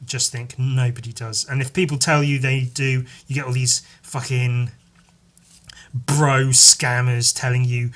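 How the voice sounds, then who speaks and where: A man hosting a solo podcast, rambling in casual chat, swearing freely and filling pauses with "like" and "um". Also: mid-range voice, level tone, a bit bright. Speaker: podcast host.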